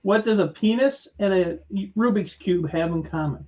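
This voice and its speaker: A man chatting on a stream, trading deadpan one-liner jokes. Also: high voice, normal speed, muffled recording. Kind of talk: casual chat, telling jokes.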